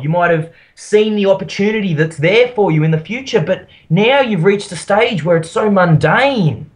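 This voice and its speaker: A man co-hosting a podcast, playful and jokey in casual chat. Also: high voice. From Australia. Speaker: podcast co-host.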